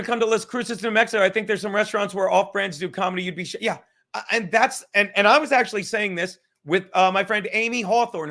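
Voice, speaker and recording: Guy hosting a stream, talks kinda high, rambles and swears a ton, reads out chat comments. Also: bright, forceful tone. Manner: rambling, profane, reading chat comments aloud. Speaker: podcast host. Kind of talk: casual livestream chat.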